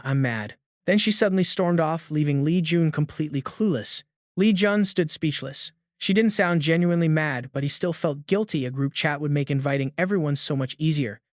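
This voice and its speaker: A man reading a scripted story recap in a steady storytelling voice. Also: fairly high pitch, no room sound, studio quality. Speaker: recap narrator. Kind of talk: scripted narration.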